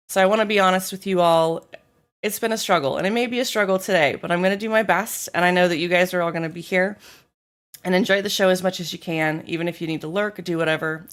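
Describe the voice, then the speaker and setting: A woman's voice: on the low side, a bit bright. A woman streaming live, chatting casually with viewers while feeling unwell, candid and apologetic, thanking people by name. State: feeling unwell, low energy.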